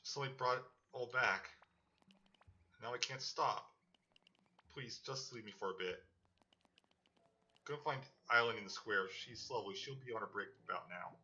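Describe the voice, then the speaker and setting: A man's voice: medium pitch, normal speed, pauses often, pushed and bright. A man voicing a woman shopkeeper who is tearful and flustered, apologizing as she talks. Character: emotional woman shopkeeper, mother's old friend. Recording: slightly muffled with game music.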